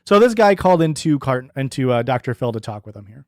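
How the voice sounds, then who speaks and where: A man's voice: medium pitch, big pitch swings, fast talker, background noise. A man giving opinionated, profane commentary as a streamer reacting to videos, ranting with frequent restarts.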